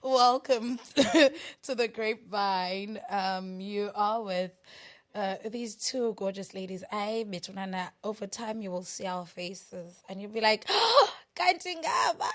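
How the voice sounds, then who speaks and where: A woman's voice: mid-range voice, fairly even intonation, unhurried. A South African woman co-hosting a podcast in casual chat, laughing often and dropping in Afrikaans and Xhosa words. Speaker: podcast co-host.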